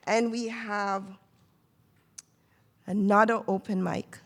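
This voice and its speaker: A woman's voice: mid-range voice, takes it slowly, pauses often. A woman hosting a live open mic, thanking performers and introducing the next one.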